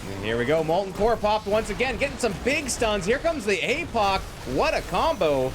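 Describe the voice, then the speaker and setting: Man, esports play-by-play caster, lively swooping voice, slightly high, jokey, faint noise behind. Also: music in the background. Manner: excitable, jokey, quick to laugh and riff. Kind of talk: lively live game commentary.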